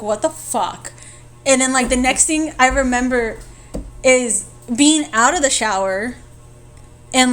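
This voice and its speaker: A woman's voice: high-pitched, fairly bright tone. A young woman co-hosting a podcast, telling a story in casual chat, laughing and swearing freely. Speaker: podcast co-host.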